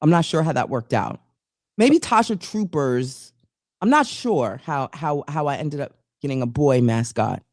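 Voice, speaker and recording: A woman's voice: sits low, measured pace, no room sound, studio quality. A woman co-hosting a casual talk show, telling a long, rambling story full of restarts and asides. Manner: animated, rambling, restarts stories. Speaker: co-host.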